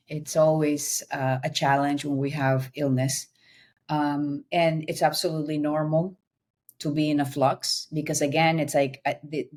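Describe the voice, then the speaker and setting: A middle-aged woman speaking as a guest on a conversation podcast, her voice sitting on the lower side. She talks earnestly and with animation, sprinkling in lots of "you know"s as she shares her story. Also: darkish tone.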